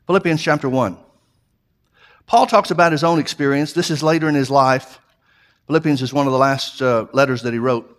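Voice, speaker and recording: A pastor preaching a sermon in an earnest way, often restarting phrases and building emphasis. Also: male voice, mid-range voice, brisk. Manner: repeats himself, restarts phrases.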